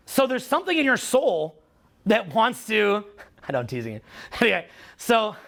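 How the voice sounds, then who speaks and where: A man's voice: sits high, huge pitch swings, normal speed, vocal fry, fairly bright tone. A middle-aged Canadian man with a Canadian accent giving a live seminar talk, profane and teasing. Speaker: seminar speaker.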